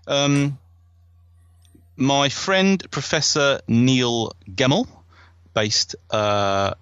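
A man's voice: medium pitch, animated, slow, fairly bright tone, clear, resonant tone, no room sound, highs cut off. A man hosting a podcast in casual chat, digressive and self-mocking, often laughing at himself. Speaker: podcast host and author.

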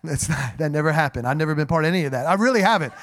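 A man preaching a sermon to a congregation, animated and joking as he speaks to them directly. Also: fairly high pitch, very fast. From New Jersey. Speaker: pastor. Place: church sanctuary.

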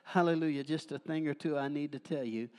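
A man's voice: fairly high pitch, a little fast, darkish tone, clean tone. An older man preaching a charismatic sermon, fervent and folksy, breaking into frequent hallelujahs and jokes.

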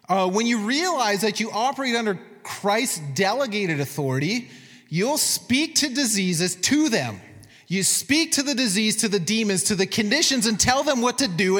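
Lively high-voiced preacher in a reverberant hall. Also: male voice. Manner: animated, laughs at his own points, quotes scripture in commanding tones. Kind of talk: teaching sermon with slides.

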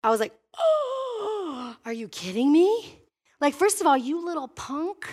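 A middle-aged woman pastor from Wisconsin preaching a sermon, telling a personal story with lively acted-out dialogue. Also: very high voice, unhurried. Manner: animated storytelling preacher, voicing herself and God in dialogue.

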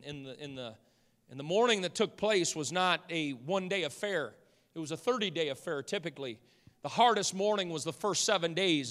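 A male preacher delivering a sermon, swinging from hushed storytelling to loud, fervent shouting. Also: sits high. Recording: long hall reverb.

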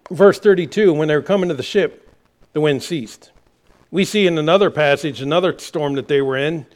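A high-pitched man delivers a sermon from the pulpit. He preaches with passion, now and then rising to shouts. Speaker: pastor.

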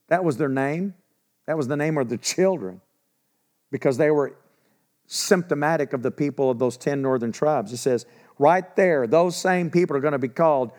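A man's voice: on the high side, normal speed, darkish tone. A middle-aged man preaching a sermon, reading scripture aloud and then explaining it in casual asides. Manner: reads verses then breaks into casual asides.

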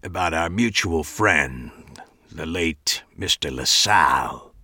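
A frail, creepy old man, as an audiobook narrator puts him on growls each word in a throaty rasp. He speaks slowly and grandly, with a deep, dry sound and a voice that swoops up and down. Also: expressive, bright, forceful tone, no room sound, heavily acted. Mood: eerie, theatrical. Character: frail, eerie thin old man, theatrical. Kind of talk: audiobook character voice.

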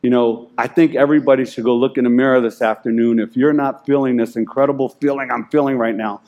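A man giving an informal, excited sermon, rambling and self-deprecating as he reads scripture aloud. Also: medium pitch, fast, dull audio. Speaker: lay preacher.

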